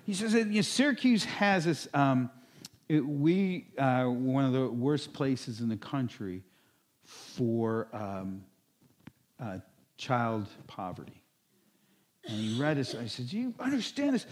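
A man's voice: mid-range voice, slow pace. A male pastor preaching a sermon in a conversational storytelling way, with asides to the congregation and acted-out quotes.

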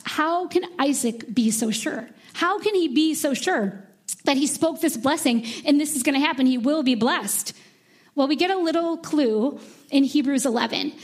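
Woman pastor, sermon, chatty and animated, high voice. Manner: casual, animated, lots of "like" and "right?".

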